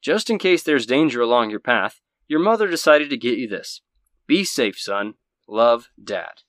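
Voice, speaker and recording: A man voicing a loving father reading his letter in a loud newscaster manner. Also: very animated, measured pace, no room sound, studio quality. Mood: fond. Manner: loud, booming newscaster delivery. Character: proud loving middle-aged father.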